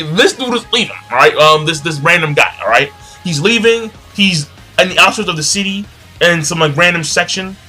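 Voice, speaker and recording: A young man casually recapping an anime episode, rambling with lots of fillers and profanity, breaking into excited shouts. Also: fairly high pitch. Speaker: anime reviewer.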